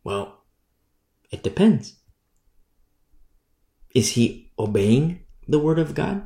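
A male preacher delivers a sermon in a loose, conversational style, often restarting phrases and dwelling on single words. His delivery rises and falls with lively shifts in pitch. The sound carries a roomy echo. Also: slow pace, vocal fry.

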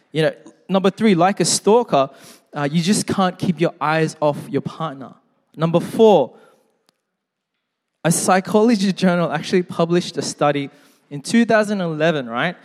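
Male pastor, slightly high voice, casual preaching with jokes, scripture readings, echoing church hall. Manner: conversational, joking asides; reads scripture aloud. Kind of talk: sermon. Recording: long hall reverb.

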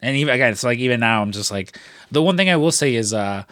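A man's voice: mid-range voice, animated, quick pace, fairly bright tone, dry recording. Rambling, swearing man in casual chat. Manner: rambling storyteller, swears freely, many fillers.

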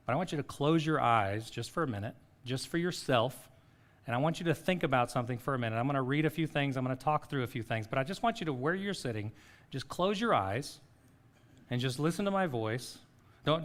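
Man, middle-aged, pastor preaching a sermon, earnest, questioning, gentle guided reflection. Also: medium pitch. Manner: soft-spoken guided reflection, pauses between phrases.

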